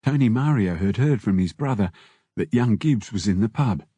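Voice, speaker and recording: A man reading an audiobook in steady scripted narration on a close mic. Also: fairly low pitch, normal speed, husky, no echo.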